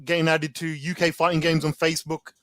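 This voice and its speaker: A man with a fairly high, slightly bright voice talks a little fast in a level tone, recorded dry. Guesting in a casual chat, he tells stories animatedly, packed with slang and fillers.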